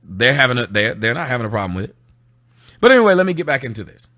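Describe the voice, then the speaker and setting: A man runs a casual livestream, talking straight to his viewers. His tone is sarcastic and mocking, and his voice comes through bright and forceful. The sound is dry and close, with no room echo. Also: medium pitch, very animated, quick pace. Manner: reads out and answers viewer comments. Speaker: livestream host. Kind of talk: casual livestream rant to chat.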